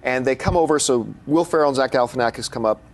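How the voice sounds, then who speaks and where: A man's voice: mid-range voice, fast talker. A man hosting a movie talk show, telling an anecdote in casual chat and acting out the dialogue as he goes. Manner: animated, acts out dialogue in his anecdotes. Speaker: host.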